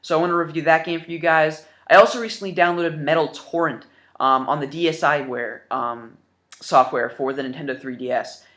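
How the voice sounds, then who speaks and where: A man's voice: fairly high pitch, fairly even intonation, fairly quick, a bit bright. A man in his twenties hosting a casual gaming vlog, eager and rambling, with lots of ums. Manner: enthusiastic and rambling, with many fillers. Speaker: gaming YouTuber showing his new games.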